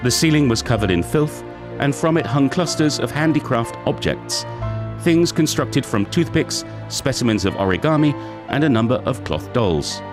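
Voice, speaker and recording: A man reads as a newly awakened android, confused and taking in everything around it. The delivery is measured and deliberate, with a lively rise and fall in pitch. Music plays clearly underneath. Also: close to an everyday voice. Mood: bewildered. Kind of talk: reading a short story aloud.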